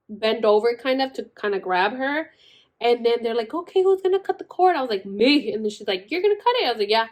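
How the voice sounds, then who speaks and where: A young woman vlogger telling her birth story in a chatty way, full of "like" and "girl", acting out the other people's lines. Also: on the high side. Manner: chatty, says "like" and "girl" constantly, acts out quoted voices. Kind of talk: casual storytelling.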